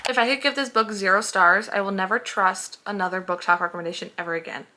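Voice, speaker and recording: A woman's voice: medium pitch, steady tone, quick pace, pushed and bright. A young woman reviewing books in a casual vlog, heated and sarcastic, swearing freely as she reacts. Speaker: book reviewer.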